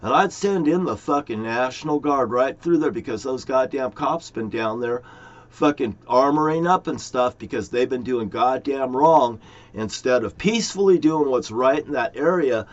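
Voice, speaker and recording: A man's voice: mid-range voice, normal speed. A middle-aged man talking in a rambling, aggrieved monologue to his viewers, swearing often. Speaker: vlogger. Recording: dull lo-fi recording.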